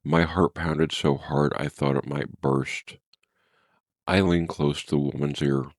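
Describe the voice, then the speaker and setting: A man's voice: a bass voice, fairly even intonation, unhurried, dry recording, clean studio sound. A man reading a first-person horror story in a grave, tense, dramatic way.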